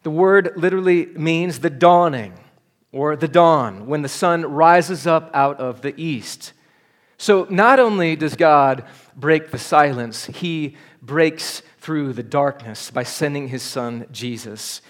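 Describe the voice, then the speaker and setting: Earnest preacher, a man with a fairly high voice. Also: slow. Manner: earnest preaching, rising to urgent appeals. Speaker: pastor. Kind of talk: sermon. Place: church service.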